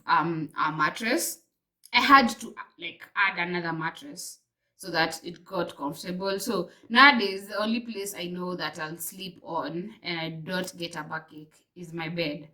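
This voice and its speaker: A young woman with a Kenyan accent chatting to camera in a casual vlog, telling stories in an animated way and slipping between English and Swahili. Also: lowish voice, poor audio. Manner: animated storyteller, mixes in fillers. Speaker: vlogger.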